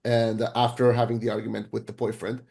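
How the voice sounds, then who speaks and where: A man co-hosting a podcast, chatting casually and excitably about a film, rambling with frequent restarts and casual swearing. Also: lowish voice, a little fast, gravelly. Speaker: podcast co-host. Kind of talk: casual film review chat.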